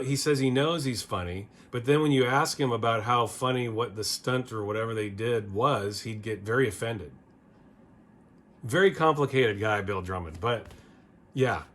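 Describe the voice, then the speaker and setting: A music video host with a fairly low, slightly bright male voice presents a casual record-review video. He's rambling and opinionated, often restarting his sentences.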